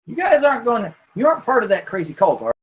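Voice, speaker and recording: A man's voice: high-pitched, very animated, fast, husky, voice pushed up, exaggerated voice. A man voicing a lanky, nervous stranger who insistently questions the party in a tabletop game. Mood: wary, pushy. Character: lanky wary adult man, pushy and nervous.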